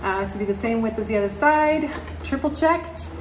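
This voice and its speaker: In her woodworking shop, a woman fixing furniture chats casually at a normal speed, her fairly high voice expressive and slightly breathless as she works through practical thoughts. The shop echoes, and loud noise fills the background.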